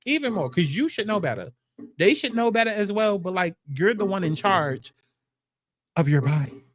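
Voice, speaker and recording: A man's voice: sits high, sing-song, moderate pace. A man hosting a storytime commentary, ranting bluntly with profanity, sarcastic questions and repeated phrases. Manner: exasperated, sarcastic rhetorical questions. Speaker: commentary host.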